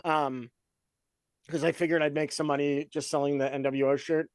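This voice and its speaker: A man's voice: on the high side, level tone, moderate pace, clean tone, no echo. A man hosting a casual chat, rambling with many fillers and frequent laughs. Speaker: podcast host.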